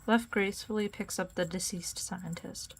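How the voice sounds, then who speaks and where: A young woman VTuber streamer offers casual gameplay commentary in a mid-range, steady voice at a moderate pace, with slight background noise. Giggly and chatty, she reads the story narration aloud and laughs often.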